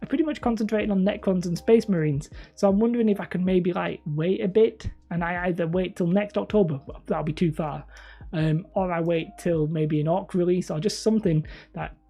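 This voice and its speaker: A woman hosting a live stream rambles casually with viewers in a self-deprecating way, speaking with a northern English accent. She talks fairly quickly in a lowish, mellow voice that has a breathy edge.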